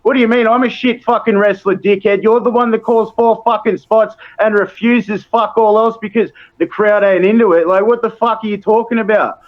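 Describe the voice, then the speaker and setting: A man's voice: high-pitched, fairly even intonation, moderate pace, few pauses, narrow, tinny audio. An Australian man, a wrestler guesting on a podcast, ranting bluntly and swearing constantly in casual chat.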